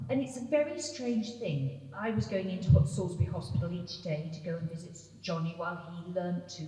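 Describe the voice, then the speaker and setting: A woman's voice: mid-range voice, dark tone. A middle-aged British woman speaking to an audience in a hall, telling a personal story with candid emotion. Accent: British English. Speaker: guest speaker. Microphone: standing microphone, too close at times. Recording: echoey hall, from far off.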